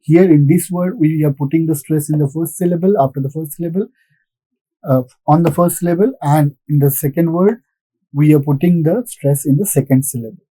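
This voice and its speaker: A man's voice: on the high side, a little fast, dark tone, breathy edge, no room sound, low-quality recording. A man giving a recorded lesson, patiently repeating points and answering his own questions. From India. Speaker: English lecturer. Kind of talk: recorded classroom lecture.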